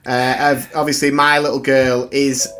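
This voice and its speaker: A man from the North co-hosting a podcast with a teasing, animated manner. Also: medium pitch, normal speed, a little hiss or hum. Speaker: podcast co-host. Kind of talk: casual banter.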